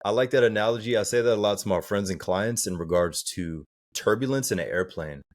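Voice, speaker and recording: Very low-voiced Southern-raised man, earnest life coach on an interview. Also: a little fast. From American South. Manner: earnest, acts out quoted people for effect. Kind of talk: casual interview talk.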